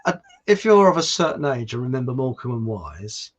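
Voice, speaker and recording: A man's voice: mid-range voice, sing-song, fairly quick. A middle-aged man hosting a livestream. He chats casually and rambles in a self-mocking way. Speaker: livestream host. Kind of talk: casual chat and joke telling. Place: warm indoor room.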